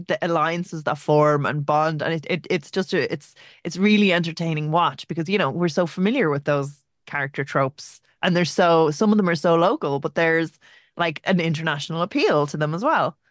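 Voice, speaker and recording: A woman's voice: low voice, dry recording, studio quality. A woman hosting a podcast interview, asking questions in an enthusiastic, effusive way. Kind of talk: casual interview talk.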